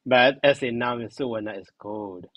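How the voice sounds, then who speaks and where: A man teaching a grammar lesson, repeating each term slowly and giving its meaning. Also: medium pitch, fairly bright tone, no room sound, highs cut off. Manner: slow, repeats terms and glosses them.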